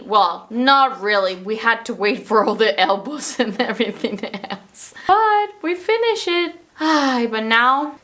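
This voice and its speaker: Speaking in a slightly high, somewhat bright voice, a young woman chats to the camera from a half-built school bus she's converting. Her vlog is casual and playful, full of frequent laughter.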